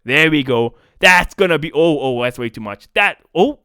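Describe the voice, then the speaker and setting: A man's voice: a little high, animated, normal speed, bright, forceful tone, clear, resonant tone, no room sound, studio quality. A young South African man with a South African accent, ranting in a profane, casual-slang commentary vlog. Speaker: esports commentator.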